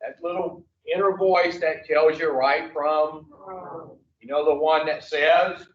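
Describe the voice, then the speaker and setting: Slow, blunt man teaching a recovery class. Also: on the high side, steady tone, a little hiss or hum. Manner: blunt and profane, quizzing the class. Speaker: addiction recovery instructor. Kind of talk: classroom teaching with call-and-response. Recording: echoey room, far from the mic, dull lo-fi.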